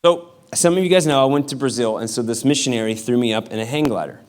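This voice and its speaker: A man's voice: medium pitch, quick pace, a little mellow. A male pastor giving a sermon in a casual, joking storytelling manner. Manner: casual, humorous storytelling with acted-out quotes.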